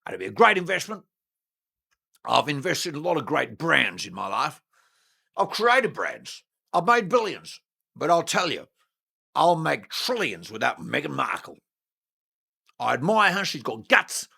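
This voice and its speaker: A man's voice: a little high, very animated, a little slow, creaky, pauses often, pushed and bright, slightly rough, exaggerated voice. A man voicing a brash, boastful billionaire.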